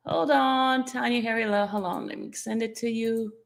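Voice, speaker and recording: A woman's voice: on the high side, steady tone, moderate pace, vocal fry. A woman hosting a casual livestream, greeting her viewers one by one and laughing as she teases them. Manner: playful, greeting viewers by name; laughs often while teasing the audience. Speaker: livestream host.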